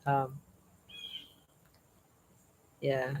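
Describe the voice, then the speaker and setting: A woman's voice: rumbling low, monotone, very slow, darkish tone, rough recording. A woman hosting a live chat outdoors, casually reading viewer comments aloud and laughing often.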